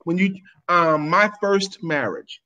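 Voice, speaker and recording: A man's voice: high voice, slow pace, bright, forceful tone, highs cut off. A man co-hosting a podcast, talking conversationally and telling stories from his own life. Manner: conversational, storytelling. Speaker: co-host. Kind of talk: podcast talk.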